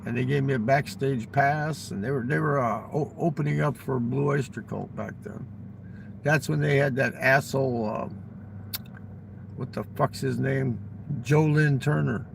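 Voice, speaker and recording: A man's voice: medium pitch, a little slow, vocal fry, noisy background. An older man telling rambling, profane, boastful stories in casual talk. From United States. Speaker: livestream guest telling stories. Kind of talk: rambling storytelling. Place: fast-food restaurant.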